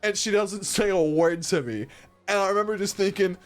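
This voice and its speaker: Brief: young male streamer, high voice, swears constantly, rambles and cracks up, faint music behind. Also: fairly quick. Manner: profane, rambling, laughs a lot. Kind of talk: casual storytelling on a live stream.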